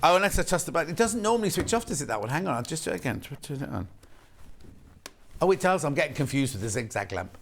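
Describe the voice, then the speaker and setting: Excitable, rambling shopping-channel man. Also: a little high, fast talker, slight background noise. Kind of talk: chatty live TV product demo. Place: TV studio.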